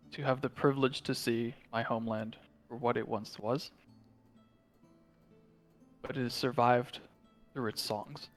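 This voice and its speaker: An earnest young male warlock, played by a man at a tabletop game. He speaks solemnly and slowly, in a measured, heartfelt way. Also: medium pitch, close to an everyday voice.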